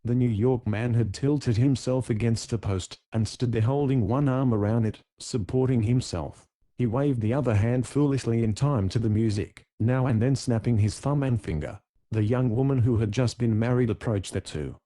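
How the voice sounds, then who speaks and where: A man narrates an audiobook in a steady, measured way. His voice is mellow and dark, sitting at a middling pitch. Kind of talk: scripted narration.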